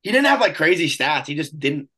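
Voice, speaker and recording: A man's voice: on the high side, very animated, bright, forceful tone, husky. A man co-hosting a podcast, telling sports stories in a laid-back, profane, joking way. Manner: laid-back, profane storytelling, quick laughs. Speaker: podcast co-host. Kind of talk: casual sports chat.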